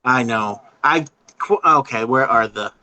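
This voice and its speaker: A man talking as a podcast guest in a relaxed chat, rambling with frequent restarts and fillers. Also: mid-range voice, no echo, rough recording. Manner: halting, rambling, many restarts and "you know". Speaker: podcast guest, horror artist. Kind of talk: casual interview chat.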